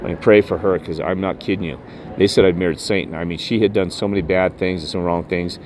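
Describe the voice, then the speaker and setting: A man's voice: fairly even intonation, fast, a little mellow, a little hiss or hum. Emphatic man telling a ghost story. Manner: emphatic, jumps pitch up when quoting himself. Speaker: paranormal vlogger. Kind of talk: rambling personal storytelling.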